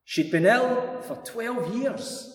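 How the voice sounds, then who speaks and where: A male pastor delivering a sermon, telling the story slowly and dramatically with many rhetorical questions. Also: very high-pitched, animated. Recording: echoey hall from far off.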